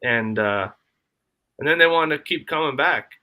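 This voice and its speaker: A man's voice: a little high, lively intonation, moderate pace, sharp tone. A man hosting a casual live stream from his homestead, chatting in a rambling way and answering his chat aloud. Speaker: livestream host. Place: home, homestead.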